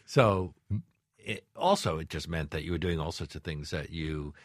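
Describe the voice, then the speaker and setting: A man hosting an interview, asking questions in a halting way with many fillers. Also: very deep voice, dry recording, clean studio sound. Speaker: radio host.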